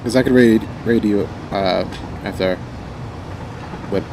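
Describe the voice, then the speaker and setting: A man's voice: on the low side, slow pace, warm tone, a little hiss or hum. Young man with a mild country drawl. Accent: mild rural American country accent. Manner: rambling and joking, often trailing off. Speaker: livestreamer. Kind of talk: casual chat with stream viewers while gaming. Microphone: desk microphone.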